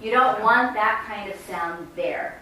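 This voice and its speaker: A woman instructs a choir during rehearsal, covering rhythm and breathing and singing phrases to illustrate. She speaks unhurriedly in a medium-pitched voice that sounds pushed and bright. The sound comes from far off in an echoey room, with faint ambience and a little hiss or hum.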